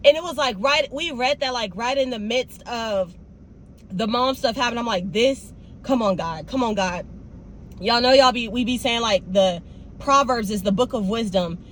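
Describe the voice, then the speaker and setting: A woman's voice: on the high side, normal speed, slight background noise. A young woman, talking casually and animatedly straight to her viewers in a vlog. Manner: animated, talks straight to viewers with "y'all" and "baby". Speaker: vlogger.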